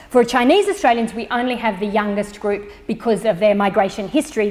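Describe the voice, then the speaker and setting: A woman giving a public lecture, explaining charts in a measured way with frequent fillers. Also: mid-range voice. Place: library lecture hall. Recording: long reverb in a lecture hall.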